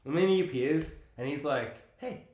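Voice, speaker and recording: Lively animated man in echoey room. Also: medium pitch, moderate pace. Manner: animated, swears a lot, acts out quotes. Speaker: podcast co-host. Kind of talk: casual film discussion. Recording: roomy echo.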